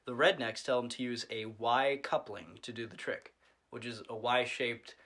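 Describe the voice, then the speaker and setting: A man co-hosting a podcast, recapping a comedy film in casual chat, swearing often and rising to loud outbursts. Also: mid-range voice, fairly even intonation, moderate pace. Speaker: podcast co-host.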